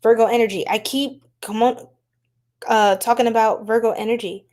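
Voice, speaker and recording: Casting: a higher-voiced American woman, a chatty livestream tarot reader who laughs a lot. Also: moderate pace. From United States. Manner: chatty and animated, laughs often, addresses viewers. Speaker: tarot reader hosting a live stream. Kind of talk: casual live-stream tarot reading.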